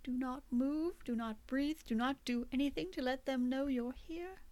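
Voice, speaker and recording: A woman's voice: high-pitched, normal speed, a little mellow, voice pushed up, natural voice. A woman voicing the anxious inner thoughts of a man hiding from danger. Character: tense young man hiding and thinking to himself.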